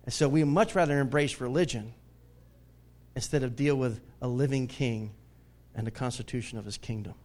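A male pastor preaching a sermon in a conversational style. He swings between booming emphasis and hushed asides, often chuckles, and asks his listeners questions. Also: normal speed.

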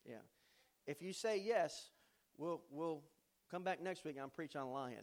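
A man with a high-pitched voice preaches a sermon in a church. He tells stories in a folksy, joking way, then rises into emphatic preaching. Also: a little slow. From not from the American South. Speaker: pastor.

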